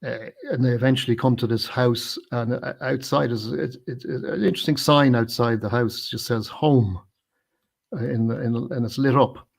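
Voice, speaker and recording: A man's voice: medium pitch, moderate pace, gravelly. A man co-hosting a casual film discussion, talking in a hesitant, explanatory way with many fillers and restarts. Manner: explanatory, unpacking invented slang. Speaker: film review co-host.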